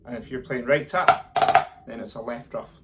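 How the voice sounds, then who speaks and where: Gravelly man teaching drumming. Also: mid-range voice, steady tone, moderate pace, over loud music. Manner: counts aloud and vocalizes drum rhythms. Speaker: drum tutor. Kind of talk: instructional lesson. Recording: loud background noise. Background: snare drum playing.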